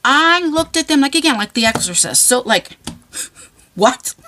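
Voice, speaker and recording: A woman in her forties, a vlogger telling funny stories to camera in a chatty, animated way with frequent laughs and fillers. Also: high voice, fairly quick, a little hiss or hum. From New Jersey shore area. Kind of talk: casual storytelling to camera.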